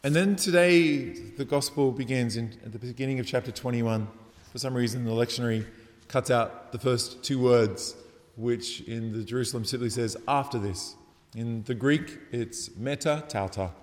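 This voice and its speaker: A man's voice: medium pitch, normal speed. A man giving a sermon, reflective and conversational, asking rhetorical questions as he explains the gospel. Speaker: preacher. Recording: long reverb of a large hall.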